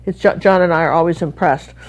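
A woman's voice: lowish voice, fairly even intonation, fast talker, darkish tone. Middle-aged american lady from washington state doing a live painting tutorial, chatty, wanders off on friendly tangents. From Washington State, USA. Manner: chatty, rambling with friendly asides. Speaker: art instructor.

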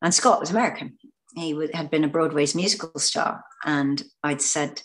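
A low-pitched English woman talks as an interview guest. She reminisces with hesitations and repeated words, often laughing. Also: moderate pace. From Britain. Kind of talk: anecdotal interview talk.

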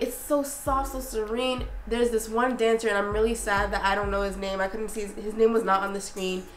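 A young woman vlogging in a casual, effusive way, talking excitedly with lots of fillers and restarts. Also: medium pitch, reverberant, slight background noise, rough recording. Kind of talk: casual review vlog.

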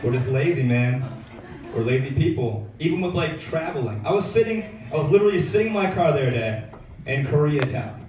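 A man's voice: fairly high pitch, expressive, brisk, background noise. A young man performing a stand-up comedy set in a club, telling stories in a laid-back, slangy way full of fillers. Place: comedy club stage, live audience. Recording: echoey club room, heard from far off.

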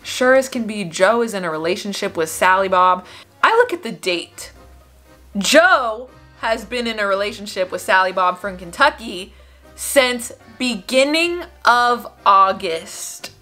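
A young woman in her twenties telling a dramatic dating story for her vlog, animated and exasperated. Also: mid-range voice, moderate pace, faint music behind. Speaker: vlogger.

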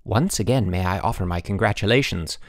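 A man's voice: lowish voice, creaky, dry recording, clean studio sound. A man voicing a dignified, formal middle-aged headmaster in an audiobook. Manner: formal, measured, pleased.

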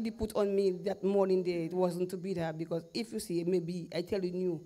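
A middle-aged Dominican woman with a Dominican Creole English accent gives an animated personal testimony as a guest, acting out the voices she quotes and laughing often. Her voice is lowish and a little fast, with few pauses.

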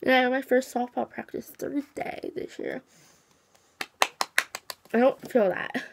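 A woman's voice: high-pitched, fairly even intonation, measured pace, gravelly, a little hiss or hum. A teenage girl vlogging casually after the dentist, her mouth still numb, rambling with lots of fillers and counting aloud. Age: teens. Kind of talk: casual vlog to camera.

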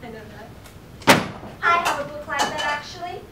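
A woman's voice: sits high, steady tone, normal speed, heavy background noise, lightly acted. A young woman playing a sarcastic aspiring playwright girl. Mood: wry. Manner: wry, sarcastic asides to the audience. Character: earnest young female aspiring playwright, self-serious. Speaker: stage actor. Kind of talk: live amateur stage play. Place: small theatre stage. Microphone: far camera in audience. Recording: echoey theatre taped from far off.

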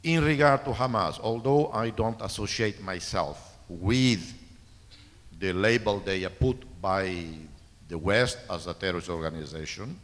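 A man from East Timor delivers a formal keynote in a low, measured voice, leaning on repeated words for emphasis. The sound carries the long reverb of a large university auditorium. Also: a bit bright. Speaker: keynote speaker. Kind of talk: formal speech with audience Q&A. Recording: reverberant lecture hall.

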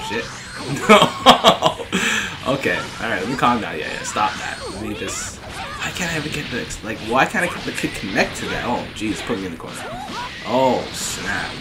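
An excitable man calls his fighting game matches live, his pitch leaping all over as he taunts the other player and laughs. Game music plays clearly behind his voice throughout. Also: normal speed. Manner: excitable, trash-talking, laughs and shouts often. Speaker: gaming channel host. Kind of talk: live gameplay commentary. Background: fighting game music and sound effects.

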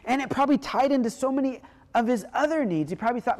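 A woman pastor preaching a sermon in a relaxed, conversational storytelling way. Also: a little high, fast talker, big-room sound.

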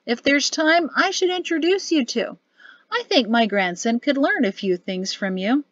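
A woman doing a booming, boastful old general. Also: animated, normal speed, a bit bright, dry recording, lo-fi sound. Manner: booming, barking laughter. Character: hearty boastful older male general, teasing.

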